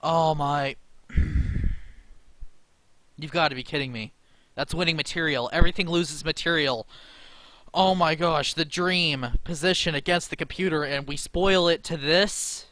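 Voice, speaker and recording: A man's voice: fairly high pitch, fairly even intonation, measured pace, long pauses, pushed and bright, no room sound. A young man talking himself through a chess game against the computer, anxious and laughing nervously at his own moves. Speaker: chess streamer. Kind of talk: live game commentary.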